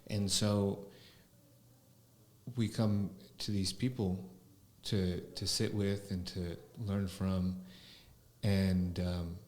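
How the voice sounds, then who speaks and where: A man, a spiritual teacher, talking slowly and reflectively as a podcast guest, often pausing with fillers. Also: low voice, little pitch movement, darkish tone. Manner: slow, musing, with frequent fillers. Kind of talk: reflective conversational talk. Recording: roomy echo.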